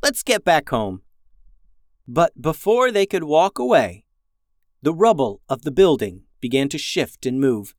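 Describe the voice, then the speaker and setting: A man reading a children's adventure story in a gentle, even storytelling manner as a podcast host. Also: on the high side, unhurried, dry recording, clean studio sound. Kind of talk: scripted story narration.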